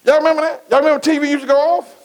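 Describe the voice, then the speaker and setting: A man's voice: extremely high pitch, little pitch movement, racing, darkish tone, rough recording. A middle-aged man preaching a sermon, asking his congregation questions and repeating phrases in a call-and-response cadence.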